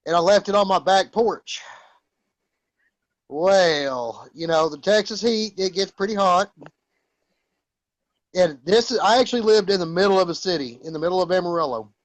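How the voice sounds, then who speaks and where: A man chatting as a guest, telling an easygoing story in a relaxed way. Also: high-pitched, normal speed, pauses often, no echo. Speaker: guest in a casual chat.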